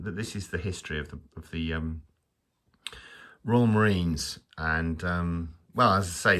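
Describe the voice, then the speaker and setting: A low-voiced man with a bright, forceful edge rambles through a casual review on his own channel. He stammers, trails off into asides and gently mocks himself along the way. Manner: rambling, stammering, self-mocking with chuckles. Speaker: channel host.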